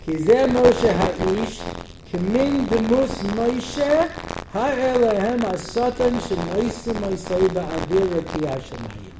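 A man giving a Torah class as a rabbi, telling the story with animated humor and translating Hebrew verses as he goes. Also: sits high, vocal fry. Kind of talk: Torah lecture with humorous asides. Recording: roomy lecture-hall recording with faint noise.

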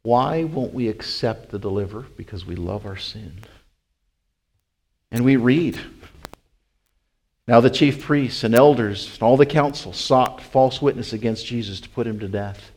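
A man preaching a sermon as pastor, asking his listeners question after question and swinging from loud, high calls to slow, hushed lines. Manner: asks the congregation rhetorical questions.

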